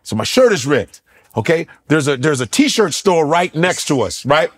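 A man's voice: fairly high pitch, sing-song, normal speed, fairly bright tone, breathy edge. A middle-aged male comedian telling a profane, punchy story, acting out the people in it as he goes. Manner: acts out the people in his stories, profane and punchy. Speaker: comedian guest. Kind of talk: animated storytelling.

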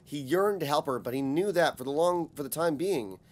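A man narrating a fantasy audiobook in a measured, steady reading voice. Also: fairly high pitch.

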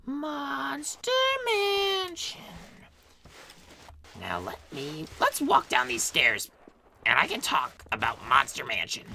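Lady doing a crazy evil mansion guy, cackling and yelling, swoops all over. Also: very deep voice, a little hiss or hum, heavily acted. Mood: scheming. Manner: cackling, shouting, gloating. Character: manic villainous male mansion creator. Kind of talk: doll play-acting.

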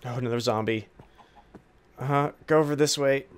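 Casual gameplay commentary comes in a smooth, mid-range voice at normal speed, broken up by long pauses. The let's-player jokes with a pet pig, hums along, and keeps bursting into excited, alarmed squeals and gasps.

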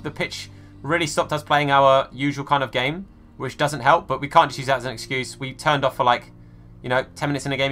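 A young man streaming a football game live, shouting at the match and chatting casually with his viewers. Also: medium pitch. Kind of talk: live gameplay commentary.

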